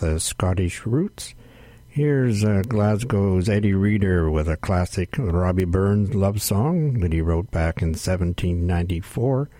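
Man, radio host, dark mellow tone, dry close sound, unhurried with fillers. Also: low-pitched, dry recording. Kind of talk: radio music show announcing. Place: radio studio.

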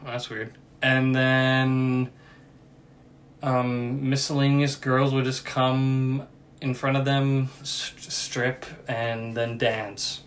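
A man's voice: medium pitch, flat delivery, extremely slow, a little hiss or hum. A man co-hosting a podcast, rambling casually with lots of fillers about a bad movie. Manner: rambling, filler-heavy storytelling. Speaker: podcast co-host. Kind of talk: casual movie review chat.

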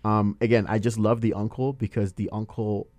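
A man from Nigeria chatting casually about a film, talkative and quick to laugh. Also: on the low side, little pitch movement, a little mellow, no room sound.

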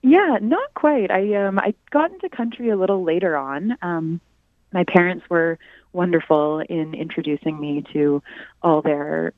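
A woman's voice: on the low side, animated, unhurried, no room sound. Woman, from Canada, thirties, hesitant, giggly, interview guest, narrow phone-line sound. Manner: giggly, hesitant, lots of ums. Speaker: singer-songwriter guest. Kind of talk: casual interview.

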